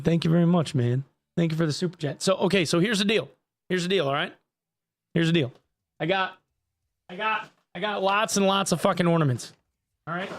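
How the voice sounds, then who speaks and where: A man's voice: fairly high pitch, no room sound, studio quality. A man streaming live, chatting casually with viewers, jokey and profane. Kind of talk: casual livestream chat.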